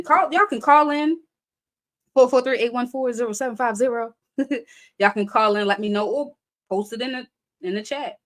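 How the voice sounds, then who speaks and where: A woman's voice: fairly high pitch, fairly bright tone. A young adult woman hosting a casual live-stream chat, talking animatedly, laughing often and reading viewer comments aloud. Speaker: live show host.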